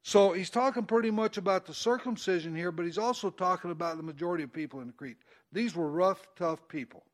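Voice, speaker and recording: Preacher, male, high-pitched, casual Bible-study delivery, leans into quoted verses. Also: a little fast. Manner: conversational, folksy, rising emphasis on quoted verses. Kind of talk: informal Bible teaching.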